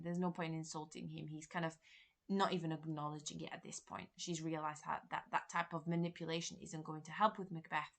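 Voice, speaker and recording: A woman's voice: low voice, creaky, fairly bright tone. A woman teacher and examiner, explaining a play in a revision lesson and paraphrasing quotes in plain words.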